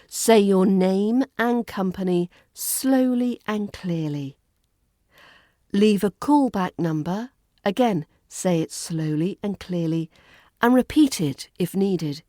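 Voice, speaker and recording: A woman with a British RP accent teaching pronunciation in a scripted lesson, enunciating clearly and repeating words for practice. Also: mid-range voice, a little mellow, no room sound, studio quality. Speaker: accent coach.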